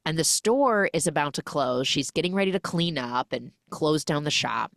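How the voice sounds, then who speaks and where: A woman hosting a podcast, casually recapping a film as an animated storyteller who acts out the characters' lines. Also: sits low, moderate pace, no echo, studio quality. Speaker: podcast host.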